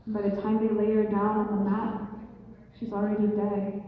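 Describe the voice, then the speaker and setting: A woman's voice: medium pitch, normal speed, far from the mic. Young woman telling a story in an echoey hall. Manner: lively, voices quoted characters with slangy asides. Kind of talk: casual live storytelling. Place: event hall. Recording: echoey hall recorded from afar, dull.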